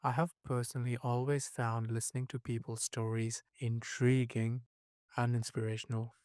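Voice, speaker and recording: Man, scripted intro, flat even voice, dry close sound. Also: medium pitch, normal speed, clean tone, dry recording. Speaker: podcast host. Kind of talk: scripted narration.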